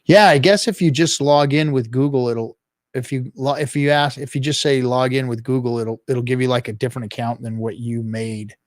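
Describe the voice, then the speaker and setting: Casting: male stream host, mid pitch, halting rambly delivery, dry close sound. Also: fairly even intonation, dry recording. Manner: rambling, halting, many restarts. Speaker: podcast host. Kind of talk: casual live-stream chat.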